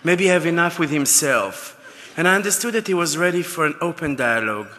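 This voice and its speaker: A man's voice: a little high, animated, a little fast, pushed and bright. A man giving an acceptance speech at a gala, telling heartfelt stories. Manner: heartfelt, anecdotal storytelling. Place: large gala ballroom. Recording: long hall reverb.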